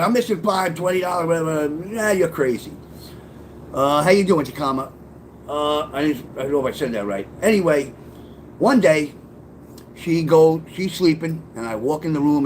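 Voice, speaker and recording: A man's voice: a little high, slight background noise, low-quality recording. A middle-aged man casually telling a profane personal story, acting out what people said. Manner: profane, animated, acts out quoted voices. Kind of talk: casual spoken memoir storytelling.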